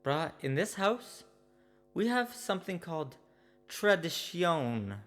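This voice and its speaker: A man's voice: on the high side, big pitch swings, a bit bright, faint music behind, voice pushed up, heavily acted. A man doing a slangy bro host. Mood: insistent. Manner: slangy, drawn-out, calls everyone bro. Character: laid-back young male bro host, stern about tradition.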